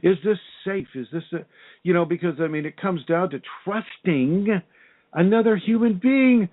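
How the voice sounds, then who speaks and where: A man's voice: high-pitched, normal speed. A man hosting a conversational interview over a video call, asking probing questions with frequent restarts. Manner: probing, with restarts and repeated words. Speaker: interview host and spiritual teacher. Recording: tinny phone-like line.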